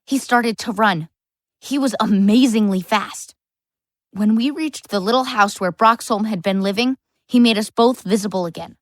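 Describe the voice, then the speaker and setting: A woman's voice: mid-range voice, normal speed, no echo, studio quality, lightly acted. A woman narrating a full-cast audiobook as a lonely, bookish boy, earnest with wry asides. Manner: earnest first-person storytelling, wry asides.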